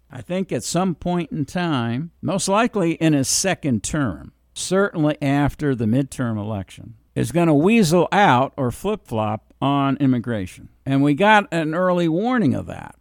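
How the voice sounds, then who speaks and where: A middle-aged man from the United States delivers a blunt political monologue, hammering home each point and repeating words for emphasis. His voice sits at an ordinary middle pitch. The recording is close and dry, with no room sound. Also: no echo.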